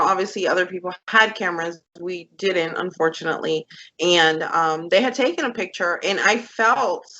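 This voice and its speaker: A woman guest on a podcast recounts a personal experience earnestly, with many fillers. Her voice is bright and a little tense. The sound is dull and lo-fi. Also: fairly low pitch. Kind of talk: casual storytelling.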